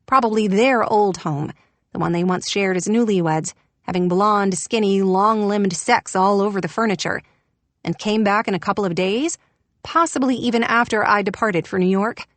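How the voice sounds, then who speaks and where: A woman narrates a first-person audiobook in a middle register, neither high nor low. Her reading is expressive, rising for the quoted dialogue. The recording is close and dry, with no room sound. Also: dry recording.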